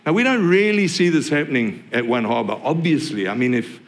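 A man's voice: fairly high pitch, lively intonation, brisk. A middle-aged man preaching a sermon, conversational and joking, with playful asides to the congregation. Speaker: pastor.

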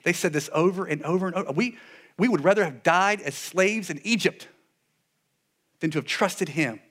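A man preaching a sermon in an animated way, with sarcastic asides, dropping his voice low for solemn points. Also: normal speed. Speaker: pastor.

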